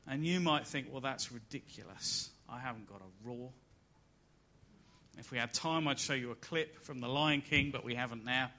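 A man preaching a sermon at a church service, building to loud emphatic peaks and then dropping soft and low.

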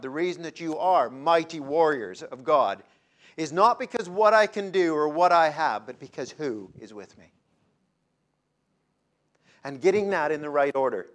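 A man preaching a sermon in a dramatic way, swinging between loud emphasis and hushed, drawn-out phrases. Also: a little high.

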